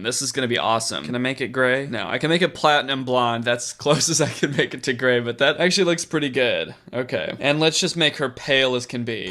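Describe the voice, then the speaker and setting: A man's voice: mid-range voice, bright, forceful tone. A man giving comedic gameplay commentary as a YouTuber, riffing with sarcastic asides.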